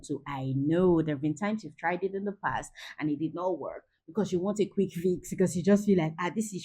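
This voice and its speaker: A woman in her forties giving a lively parenting talk, acting out everyday scenes as she coaches. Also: on the low side, slightly rough. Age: 40s. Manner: lively, acts out scenes with quoted voices.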